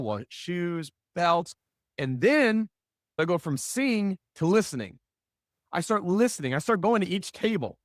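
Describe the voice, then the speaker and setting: A man's voice: a little high, no room sound, studio quality. A middle-aged man giving a business talk, telling stories with lots of rhetorical questions and acted-out quotes. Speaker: business speaker. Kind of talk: animated storytelling talk.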